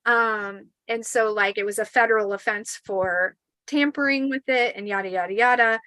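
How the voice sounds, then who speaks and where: A woman in her forties telling a spooky personal story in a casual, animated way, swearing and acting out the quotes. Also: a little high, normal speed, no room sound, poor audio.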